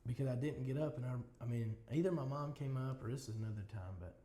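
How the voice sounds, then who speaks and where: A man's voice: medium pitch, fast talker, warm tone. A man as a podcast guest, talking in a casual interview with earnest, reflective storytelling. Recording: roomy echo with faint ambience.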